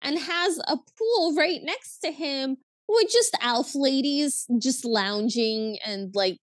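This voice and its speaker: A woman's voice: high-pitched, slow pace, no room sound. A woman from Russia co-hosting a podcast, retelling movie scenes in casual chat and laughing often. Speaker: podcast co-host.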